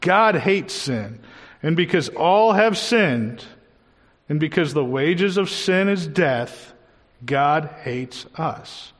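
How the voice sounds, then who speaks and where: A man preaching a sermon earnestly, slowing down to stress his key words. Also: on the high side, lively intonation. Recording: long hall reverb.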